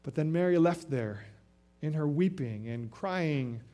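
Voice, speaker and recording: A man's voice: a little high, lively intonation, a little slow, dark tone. A male pastor preaching a Sunday sermon, retelling scripture in his own words with frequent restarts.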